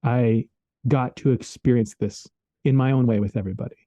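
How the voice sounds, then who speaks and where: A man's voice: medium pitch, fairly even intonation, brisk, dark tone, no room sound, muffled recording. A man co-hosting a podcast, talking in an earnest, rambling, casual way, full of "like" and "man", recorded remotely. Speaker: podcast co-host. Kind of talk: casual reflective conversation. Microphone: remote call microphone.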